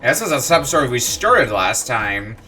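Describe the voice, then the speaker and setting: A man's voice: medium pitch, sing-song, normal speed, sharp tone, soft background music. A man streaming a video game, chatting casually and playfully with his viewers. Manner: chatty and playful, laughs easily. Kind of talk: casual gameplay commentary.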